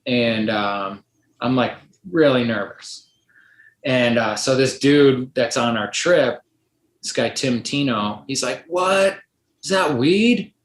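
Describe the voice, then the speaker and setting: A man's voice: medium pitch, steady tone, slow pace. A middle-aged man, a podcast guest, telling a long story in a rambling casual way, full of likes and ums, acting out the voices of others. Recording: roomy echo.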